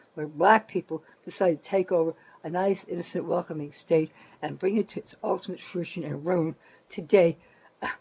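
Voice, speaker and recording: Older husky-voiced New woman. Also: on the low side, warm tone, poor audio. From New Jersey, USA. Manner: rambling, profane and indignant, with many restarts. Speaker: vlogger. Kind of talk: rambling complaint vlog.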